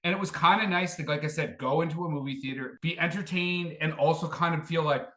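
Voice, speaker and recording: An excited man raves about a movie in loose, casual podcast chat, sprinkling fillers and swears. His voice sits fairly high and sounds bright and forceful. The room around him rings with echo. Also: fast talker. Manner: enthusiastic, rambling, heavy on fillers and swearing. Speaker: podcast co-host.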